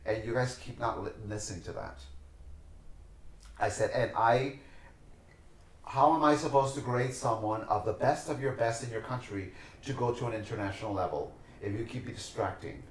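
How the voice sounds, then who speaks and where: This man's mid-range voice moves at a normal speed through a roomy, rough recording. A dancer and teacher on a podcast, he shares animated stories with passion and performs the voices of the people he describes.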